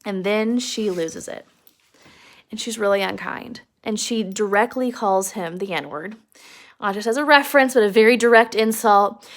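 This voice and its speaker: A woman's voice: mid-range voice, moderate pace. A woman teacher giving a casual, earnest recap of a novel chapter, emphatic and sprinkled with fillers. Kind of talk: casual literature lesson recap.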